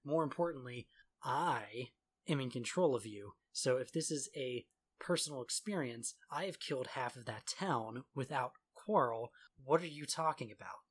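A man's voice: medium pitch, moderate pace, husky. A man in casual chat about a video game, sarcastic and laughing often as he mocks the characters' lines.

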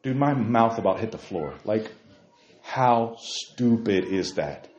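Guy preaching a bible study, super emphatic, pitch all over the place, kinda muffled recording. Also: expressive, takes it slowly. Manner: emphatic, jumps to near-shouts, rhetorical questions. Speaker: Bible teacher. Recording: roomy, dull lo-fi sound.

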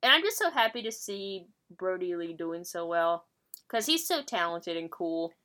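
A woman's voice: on the low side, sing-song, moderate pace, sharp tone. A woman co-hosting a podcast, chatting casually and bluntly about wrestling, laughing often and swearing freely. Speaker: podcast co-host. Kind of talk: casual chat recapping wrestling.

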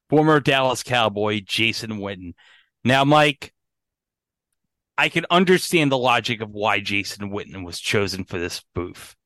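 A man's voice: medium pitch, sharp tone, no echo. Man co-hosting a podcast, dry sound. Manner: joking, quizzes his co-host. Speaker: podcast co-host. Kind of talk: casual podcast chat.

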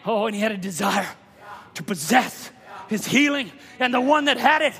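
A man preaching a sermon in a church, impassioned, swinging from hushed asides to shouting. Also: high voice, lively intonation, normal speed, gravelly. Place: church sanctuary. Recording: long hall reverb.

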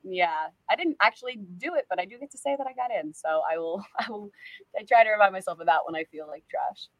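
A young woman from California chatting casually as an interview guest, quick and self-deprecating, peppering her talk with "like.". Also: medium pitch, animated, dry recording, poor audio. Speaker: guest, actress and musician.

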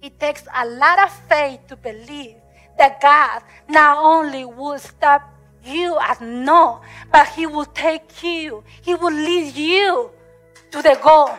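Woman preacher, high and bright, English, repetitive emotional sermon cadence, faint music under. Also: slow, low-quality recording.

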